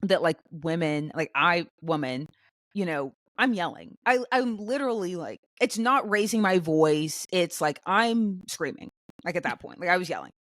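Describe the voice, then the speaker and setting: Animated woman co-hosting a chat podcast. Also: normal speed, no echo, studio quality. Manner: animated storytelling, acts out her own outbursts in a much higher voice; many fillers and restarts. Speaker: podcast co-host. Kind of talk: casual chat.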